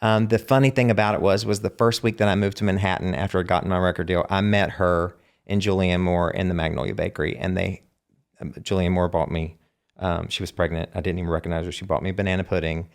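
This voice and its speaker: A man's voice: low-pitched, fast, gravelly. A man with a Southern US accent, a singer-songwriter guest telling long stories in a casual interview, rambling with lots of fillers. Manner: rambling animated storyteller with many fillers.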